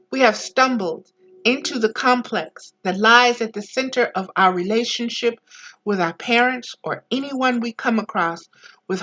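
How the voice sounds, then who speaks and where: A woman reads a book aloud at an unhurried pace, lingering on phrases as she teaches. Her voice is bright and forward. Now and then she slips into quieter, lower personal asides to her listeners. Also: low-quality recording. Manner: slow, deliberate reading, drifting into soft low asides. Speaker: spiritual teacher reading aloud.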